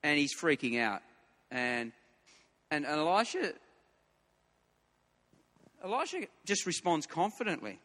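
Male preacher, earnest, high bright voice, stammers on restarts, reverberant hall. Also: animated, unhurried, long pauses. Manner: earnest, repeats words when starting a thought. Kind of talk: sermon.

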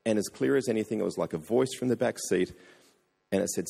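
A man's voice: on the low side, brisk, creaky, mellow, husky. Man preaching in a reverberant hall. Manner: earnest storytelling, acting out quoted voices. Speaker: pastor. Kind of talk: sermon.

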